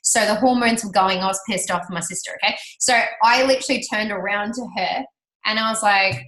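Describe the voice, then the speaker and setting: A woman telling a personal story to an audience, chatty and animated, laughing often and acting out what people said. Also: medium pitch, a little fast. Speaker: speaker sharing her business success story. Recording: roomy hall reverb.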